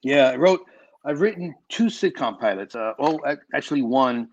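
A filmmaker guest chatting casually in an interview, rambling through animated stories with lots of restarts. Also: male voice, mid-range voice, normal speed, highs cut off, a little hiss or hum.

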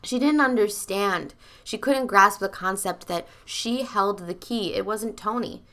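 A woman's voice: mid-range voice, a little slow, fairly bright tone. A woman hosting a motivational podcast, speaking emphatically and bluntly, swearing freely and addressing her listeners directly. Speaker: podcast host and coach.

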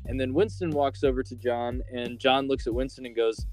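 A man's voice: mid-range voice, fairly even intonation, moderate pace, darkish tone, soft background music. A man hosting a podcast, casually recapping a film's plot with lots of filler words. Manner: rambling, filler-heavy storytelling. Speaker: podcast host.

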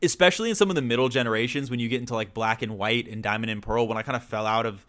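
A man's voice: mid-range voice, rapid-fire, a bit bright. A young man co-hosting a casual podcast chat, laughing often and swearing casually. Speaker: podcast co-host.

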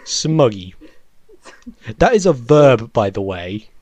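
A man's voice: medium pitch, big pitch swings, takes it slowly, a crowd in the background. A young man, co-hosting a podcast and telling a school story in casual chat, often laughing and correcting himself mid-sentence. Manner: rambling, laughing, self-correcting. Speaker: podcast co-host.

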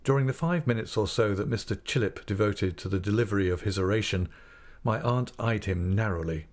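Deep-voiced man reading a classic novel. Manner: expressive, measured storytelling. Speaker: audiobook narrator. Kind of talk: scripted narration.

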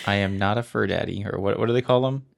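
A young man with a low, gravelly voice chats in a relaxed way on a home podcast. He jokes easily and turns a little self-conscious about himself. It is casual, unscripted talk between co-hosts. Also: brisk. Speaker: podcast co-host. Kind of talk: casual chat.

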